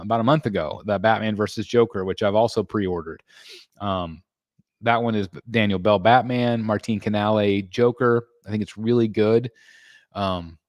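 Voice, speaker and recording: A man's voice: on the low side, no room sound, studio quality. A man hosting a casual collectors' livestream, reading chat messages and answering in a rambling way with many ums and restarts. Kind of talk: casual live-stream chat.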